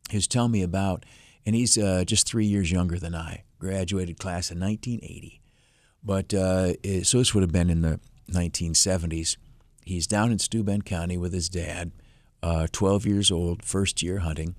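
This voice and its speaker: Brief: fifties male talk-radio host, folksy and rambling, low-ish voice, dry studio sound. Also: no echo. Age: 50s. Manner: folksy, rambling, many "uh" fillers, chuckles. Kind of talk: casual storytelling on talk radio. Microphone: studio microphone, dry.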